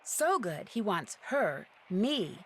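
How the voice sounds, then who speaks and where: A curious young game detective, level-headed, animated pitch. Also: female voice, slow pace, breathy edge, heavily acted. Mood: matter-of-fact. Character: young woman teen detective, calm and curious. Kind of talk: video game voice acting.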